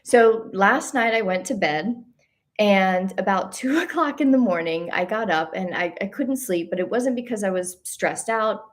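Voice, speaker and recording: Animated woman telling a story at home. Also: medium pitch, moderate pace. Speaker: host of a spiritual talk show. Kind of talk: casual storytelling monologue. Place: at home on a couch by a window.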